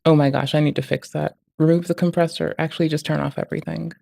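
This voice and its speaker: A man's voice: a little high, little pitch movement, quick pace, vocal fry, darkish tone, no room sound. A male streamer giving casual, blunt and critical commentary, swearing casually.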